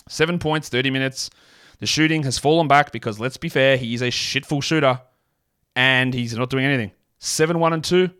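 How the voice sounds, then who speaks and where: A man's voice: mid-range voice, animated, quick pace, sharp tone, smooth. A man hosting a solo sports podcast, talking in a blunt, rambling, self-mocking way. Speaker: podcast host. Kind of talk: casual solo podcast talk.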